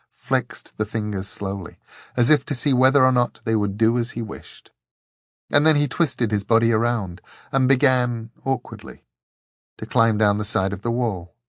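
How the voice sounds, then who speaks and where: A man narrating an audiobook in a measured, expressive way. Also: medium pitch, no echo, studio quality.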